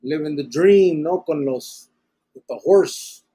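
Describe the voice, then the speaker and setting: A man's voice: on the high side, slow, dark tone, slightly rough. A man hosting a live podcast in casual chat, plainspoken and slangy, mixing in Spanish words while he reads viewer comments. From Arizona. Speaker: podcast host.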